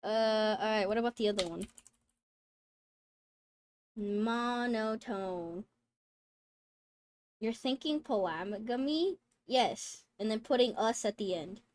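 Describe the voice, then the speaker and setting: High-voiced giggly woman streamer. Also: takes it slowly, pauses often, no room sound. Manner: giggly, swears casually, stumbles over words. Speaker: livestreamer. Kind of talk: casual livestream chat. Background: faint game music.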